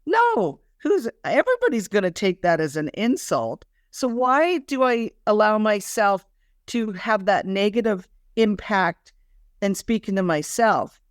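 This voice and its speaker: A woman co-hosting a spiritual wellness podcast in unscripted chat, animated and often restarting her sentences. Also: medium pitch, unhurried, no room sound, studio quality. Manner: animated, frequent self-restarts. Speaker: podcast co-host.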